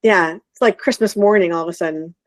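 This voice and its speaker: A woman's voice: lowish voice, fast talker, no room sound. Bubbly woman hosting a livestream. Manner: bubbly, enthusiastic, scattered. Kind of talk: casual live chat.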